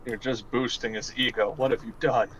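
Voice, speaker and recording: A man's voice: mid-range voice, steady tone, moderate pace, a bit bright, poor audio. Teasing guy at the d&d table, mid voice, little hum in the back. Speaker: player. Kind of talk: casual tabletop play.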